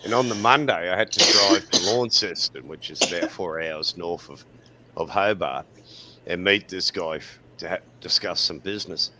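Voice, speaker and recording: A man in his sixties with an Australian accent hosts a casual panel chat, telling bawdy anecdotes and laughing often. His voice is deep, his speed normal, and there's background noise.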